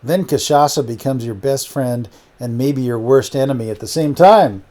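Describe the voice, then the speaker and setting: A man's voice: medium pitch, normal speed, warm tone, lightly acted. A man voicing a boastful, self-assured Brazilian host with a thick Brazilian accent in an audiobook. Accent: Brazilian (put on). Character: smooth-talking Brazilian male host, boastful. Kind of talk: audiobook character reading.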